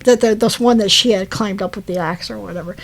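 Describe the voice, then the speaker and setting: A woman's voice: mid-range voice, quick pace, creaky. A woman casually recapping a movie plot, rambling with fillers, self-corrections and laughing asides. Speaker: podcast co-host.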